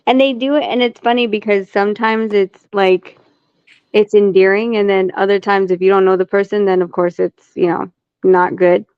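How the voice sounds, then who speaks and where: A woman's voice: medium pitch, steady tone, moderate pace, smooth, no echo, highs cut off. A woman from the United States, a guest in a casual chat, talking bluntly and swearing as she tells stories. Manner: blunt, swears, chatty storyteller.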